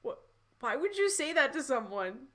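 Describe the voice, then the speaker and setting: A woman's voice: sits high, big pitch swings, moderate pace. A woman streamer reading fan fiction aloud and commenting in a rambling, giggly, incredulous way. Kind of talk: live-read with commentary.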